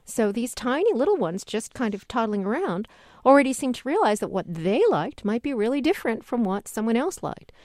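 A middle-aged woman, a guest researcher on a radio call-in show, explaining with lively emphasis. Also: on the high side, fairly quick, no room sound, studio quality. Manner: animated explainer, acts out voices in quotes. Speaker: guest researcher on child development.

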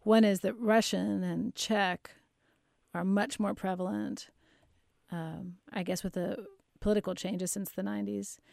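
A woman's voice: mid-range voice, steady tone, unhurried, vocal fry, a little mellow, no room sound, studio quality. A woman who teaches singing and plays piano, explaining her views in a thoughtful conversational way. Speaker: voice teacher and pianist. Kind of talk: casual conversation.

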